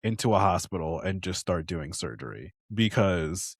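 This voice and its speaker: Man, podcast co-host, lively swooping pitch, sarcastic, profane, dry sound. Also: normal speed, vocal fry, breathy edge, no room sound. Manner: expressive, sarcastic, profane, acts out quotes in high voices. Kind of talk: casual chat.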